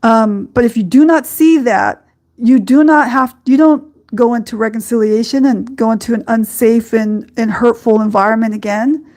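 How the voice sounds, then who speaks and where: A woman hosting a podcast, talking slowly about spiritual matters, halting often with ums and you-knows. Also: on the high side, a little mellow. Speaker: podcast host. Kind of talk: reflective spiritual talk.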